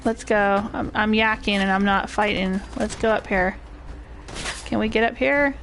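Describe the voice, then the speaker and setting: A woman's voice: mid-range voice, steady tone, measured pace, vocal fry, a bit bright, a little hiss or hum. An older woman giving rambling, casual commentary while streaming a game and greeting chat viewers. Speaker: gaming streamer. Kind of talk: casual live gameplay commentary.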